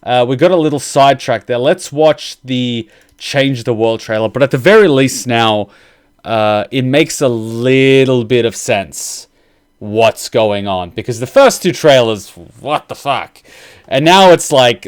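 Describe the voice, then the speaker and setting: A man hosting a casual reaction video, gushing excitedly and swearing like a big fan. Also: mid-range voice, measured pace, smooth, dry recording, studio quality.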